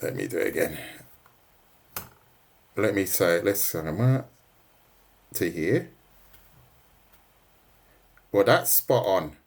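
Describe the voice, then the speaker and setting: A man's voice: low voice, expressive, drawn-out words, vocal fry, long pauses. A man giving a casual, joking drawing lesson on a livestream, teasing his viewers. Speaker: art teacher.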